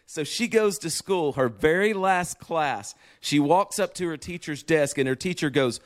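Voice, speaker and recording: A man co-hosting a podcast, telling stories in a lively, casual way from his office. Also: on the high side, normal speed, hardly any pauses, dry recording, studio quality. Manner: animated storyteller, acts out quoted voices. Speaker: podcast co-host. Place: home office.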